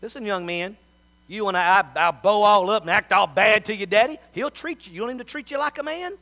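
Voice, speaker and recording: A man's voice: high voice, a little fast, sharp tone. A middle-aged man, preaching a sermon as a pastor and telling folksy stories.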